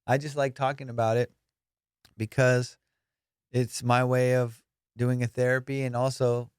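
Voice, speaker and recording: A man's voice: medium pitch, measured pace, smooth, no echo, studio quality. A young adult man hosting a podcast, telling comedic stories in a casual, profane way and acting out both sides of conversations. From immigrant, raised abroad. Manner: profane, animated, acts out both sides of dialogues. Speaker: podcast host.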